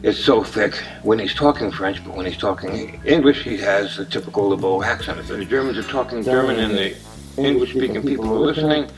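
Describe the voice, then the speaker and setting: A man casually pitching a movie idea in a meandering monologue, with restarts and uneven loudness. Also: fairly quick, distant mic, faint music behind, poor audio.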